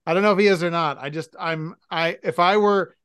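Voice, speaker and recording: A man's voice: a little high, brisk, a bit bright, smooth, dry recording, studio quality. A man co-hosting a podcast, talking candidly and reflectively, thinking aloud with restarts. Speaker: podcast co-host. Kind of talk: casual podcast chat.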